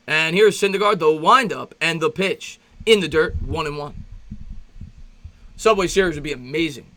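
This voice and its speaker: At a moderate pace over a faint hiss or hum, an amateur fan broadcaster calls each pitch in a high, bright, ringing voice and reacts as he goes. He greets viewers, rambles loosely between plays and gets excitable, his voice jumping up whenever he reminisces or gets worked up.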